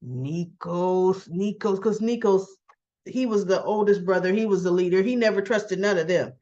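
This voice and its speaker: A woman talks her way through a soap opera episode in a relaxed, chatty recap, slipping into the characters' lines as she tells it. Her pitch sits in the middle for a woman. The audio is a little dull and lo-fi. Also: fairly quick.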